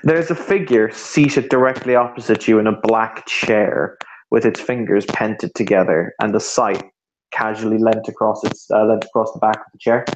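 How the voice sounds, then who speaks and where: A man's voice: lowish voice, moderate pace, a little hiss or hum. A man running a tabletop roleplaying game as game master, narrating scenes with frequent restarts. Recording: roomy, muffled home recording.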